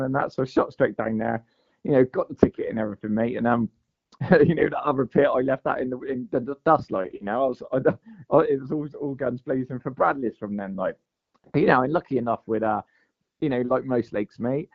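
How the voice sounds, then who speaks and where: Male guest, casual rambling storyteller, mid pitch, muffled recording. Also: expressive, a little fast, gravelly, breathy edge. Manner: rambling, lots of fillers and "mate". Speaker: guest angler. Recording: dull lo-fi podcast audio.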